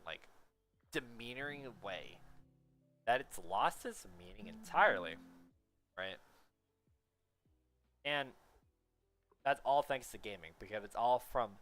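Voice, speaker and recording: A man's voice: mid-range voice, sharp tone. A man talking in a casual, rambling monologue, often tagging his points with a rhetorical "right?" and sometimes swearing.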